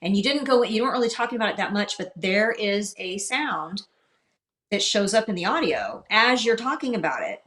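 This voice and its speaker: A woman's voice: mid-range voice, very animated, normal speed, fairly bright tone. A woman co-hosting a podcast after-show, chatting and thinking aloud as she recalls an episode. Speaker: podcast co-host. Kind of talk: casual after-show chat.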